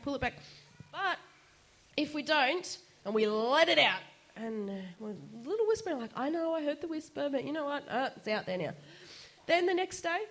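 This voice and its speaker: A woman giving a casual, chatty sermon, animated and laughing often, her voice jumping up for quoted asides. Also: sits high. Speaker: preacher.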